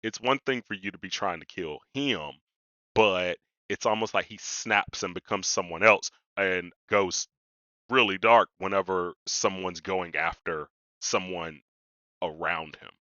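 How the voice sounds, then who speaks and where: A man's voice: deep voice, a little slow, pushed and bright, no room sound, highs cut off. A man co-hosting a podcast, chatting casually about a comic book with many "like"s. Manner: casual and conversational, uses "like" often. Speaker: podcast co-host. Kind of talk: casual discussion of comics and psychology.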